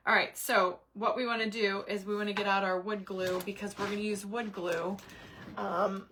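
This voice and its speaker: A middle-aged woman hosts a casual craft livestream from her desk, greeting viewers by name as she works. Her voice is bright and forward at a middle pitch, and it drops into quiet muttering whenever she focuses on a fiddly step. A faint background noise sits under the camera mic recording. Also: steady tone, normal speed. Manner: chatty, talks to viewers by name while working; trails off and mutters while concentrating.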